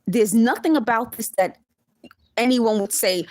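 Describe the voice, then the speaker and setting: A woman's voice: fairly high pitch, measured pace, a little mellow, no room sound. A woman, talking straight to camera in an emphatic, indignant monologue with laughing asides. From the Bronx, New York. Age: 50s. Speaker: vlogger.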